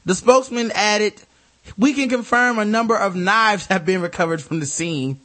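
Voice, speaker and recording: A man's voice: sits high, normal speed, a bit bright. A man co-hosting a casual comedy podcast, reading listener mail and news stories aloud and riffing on them with lots of swearing and jokes. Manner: profane, joking, reads news aloud with riffs. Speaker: podcast co-host.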